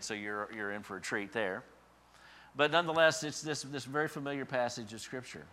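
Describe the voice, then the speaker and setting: A male pastor giving a sermon, building to loud emphatic peaks and dropping to soft, quiet endings. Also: medium pitch.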